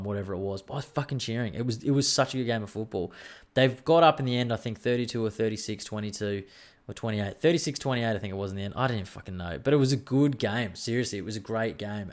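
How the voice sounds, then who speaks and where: A young man hosting a solo podcast, telling rambling, excitable stories and swearing freely. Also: on the low side. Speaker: podcast host. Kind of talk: casual solo podcast chat.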